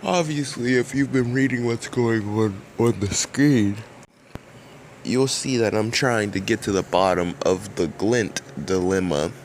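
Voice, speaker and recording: A man's voice: fairly low pitch, measured pace, a little hiss or hum. A man giving casual, rambling commentary over game footage in a dry, drowsy way. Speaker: gaming video creator.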